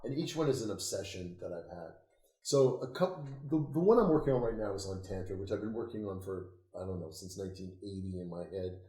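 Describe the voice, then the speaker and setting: An older man being interviewed about his life, telling stories in a lively way, laughing and swearing freely. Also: sits low, fast talker. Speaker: interview guest, occultist author. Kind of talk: casual storytelling conversation. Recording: roomy echo.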